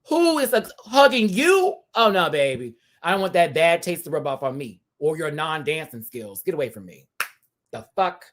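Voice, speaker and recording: A young adult man hosting a live show review, ranting with big swings from low mutters to loud squeals and laughter.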